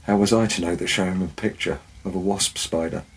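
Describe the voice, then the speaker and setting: Male storyteller, deep husky voice, wry and anecdotal. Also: fairly even intonation, fast, rough recording. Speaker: former forest warden. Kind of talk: storytelling narration.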